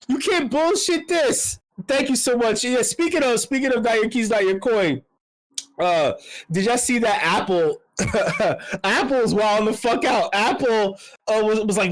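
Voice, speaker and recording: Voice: a little slow, low-quality recording. Heated, foul-mouthed ranting speaker. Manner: heated, repeats words, swears a lot; animated, jumping between high and low pitch. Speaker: speaker at a web3 community meetup. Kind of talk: profane ranting commentary.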